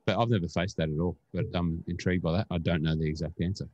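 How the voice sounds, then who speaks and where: A man's voice: sits low, fairly even intonation, fast, a little mellow, no room sound, lo-fi sound. An Australian man co-hosting a podcast, chatting casually and rambling with plenty of fillers. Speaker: podcast co-host.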